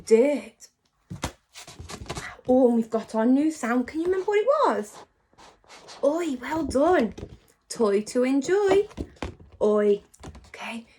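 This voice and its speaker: A woman teaching a phonics lesson to young children, encouraging and sounding words out slowly and clearly. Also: high-pitched, slight background noise. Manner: lively, encouraging, slow and exaggerated sound-by-sound.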